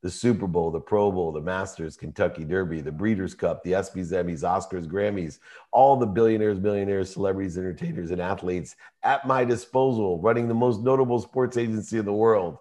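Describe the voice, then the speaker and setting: Deep-voiced man telling an emotional story. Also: a little fast. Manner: emotional, animated storytelling with laughs and vivid quotes. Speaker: podcast guest. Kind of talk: personal storytelling in conversation.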